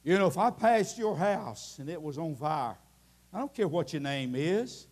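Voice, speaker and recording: An older man preaching an impassioned sermon in a church, telling folksy stories and rising into shouts. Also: on the high side, expressive, normal speed. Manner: impassioned, climbing into shouting at the peaks; folksy storytelling with many restarts. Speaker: Baptist preacher.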